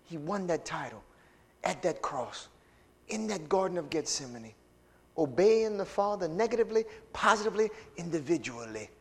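High-voiced preacher in a reverberant hall. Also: male voice, big pitch swings, moderate pace, vocal fry. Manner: call-and-response preaching, building from soft to loud. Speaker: pastor. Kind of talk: sermon. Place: large church sanctuary with reverb.

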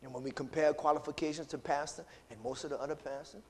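A man preaching a sermon in a church, in call-and-response style, swinging from loud to hushed. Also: on the high side, fairly even intonation, quick pace. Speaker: pastor. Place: church sanctuary. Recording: long church reverb.

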